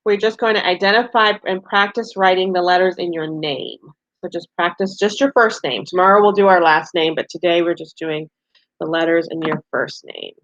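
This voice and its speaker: A woman teacher reading a picture book aloud to young children, expressive and playful, then explaining the week's assignments. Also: on the low side, no echo. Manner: slow, expressive storybook reading with playful animal sounds. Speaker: preschool teacher. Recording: dull lo-fi sound in a dry room.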